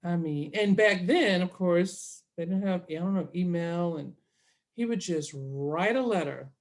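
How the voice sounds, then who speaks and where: A woman's voice: lowish voice, a little slow. A middle-aged woman telling a long story in a casual interview, acting out both sides of the conversation. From Southern US. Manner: animated, quotes herself and others in dialogue.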